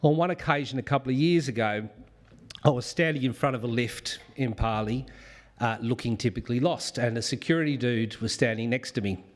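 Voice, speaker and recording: A man's voice: mid-range voice, fairly quick. Laid-back Australian man telling a story. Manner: self-deprecating storyteller, laid-back and chatty. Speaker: speaker at a union event. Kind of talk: anecdotal speech.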